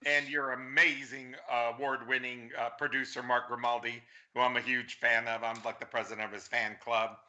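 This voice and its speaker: A man's voice: mid-range voice, level tone, moderate pace, few pauses, sharp tone. A man speaking as a political guest on a talk show, effusive and earnest.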